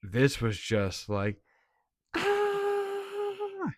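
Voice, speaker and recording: A man's voice: lowish voice, takes it slowly, dry recording, clean studio sound. A man giving a casual, blunt movie review, laughing often and swearing.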